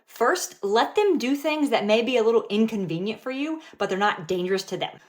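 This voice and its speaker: A woman talking calmly and patiently as a parent, mixing dry humor into everyday parenting skits and advice. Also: on the high side, a little fast. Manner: calm, patient, dryly wry. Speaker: parent content creator.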